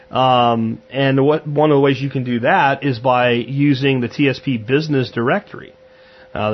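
A man with a mid-range voice hosts a podcast, delivering a casual monologue in a blunt, conversational way and acting out his own quotes. The sound is lo-fi.

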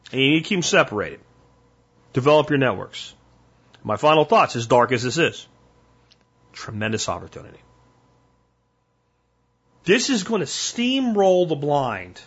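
An older man hosting a solo podcast, talking bluntly and emphatically in warning tones, with a husky voice. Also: fairly high pitch, fairly bright tone, highs cut off. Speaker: podcast host.

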